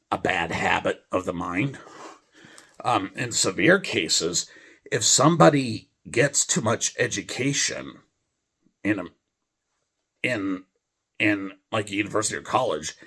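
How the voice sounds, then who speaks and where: A man rambling in a deadpan monologue, full of fillers and restarts. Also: sits low, vocal fry, husky. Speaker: video host reading a poem.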